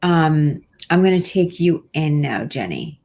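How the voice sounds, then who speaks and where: A woman with a fairly low voice hosts a live stream as a pet medium. She talks casually and reassuringly, meandering through fillers and restarts. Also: sing-song, unhurried, gravelly. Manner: warm-hearted, reassuring, rambling with many fillers.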